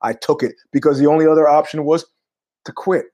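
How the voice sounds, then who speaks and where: A man's voice: a little high, fairly even intonation, fairly quick, mellow. A middle-aged man hosting a podcast, telling rambling, jokey stories in a casual monologue with asides. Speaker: podcast host.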